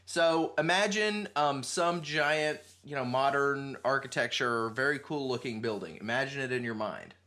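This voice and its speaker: A man's voice: mid-range voice, normal speed, few pauses, bright, forceful tone. Rambling man thinking aloud. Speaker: podcast host. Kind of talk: casual conversational podcast.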